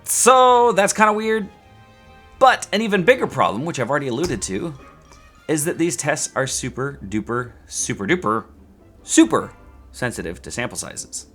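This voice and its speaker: A man teaching statistics in a playful, sarcastic, animated way. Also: on the high side, moderate pace, faint music behind. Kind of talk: scripted educational video.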